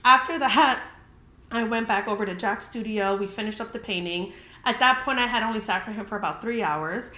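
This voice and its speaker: A woman's voice: fairly high pitch, fairly quick, sharp tone. A young woman casually telling a story as a podcast host, chatty and full of "like", swearing freely. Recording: roomy echoey room.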